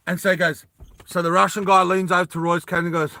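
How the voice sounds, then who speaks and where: A man's voice: sits high, fast, vocal fry, no room sound. A man animatedly telling a movie story to friends, often asking "right?". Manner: animated, laughing, repeats "right?". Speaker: storyteller pitching a movie plot.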